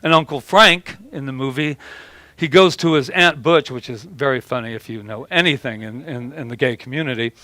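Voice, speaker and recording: A man's voice: medium pitch, normal speed, bright, forceful tone, no room sound. Rambling male preacher with a dry sound. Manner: rambling, with many restarts and repeated words. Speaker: pastor. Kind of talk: sermon.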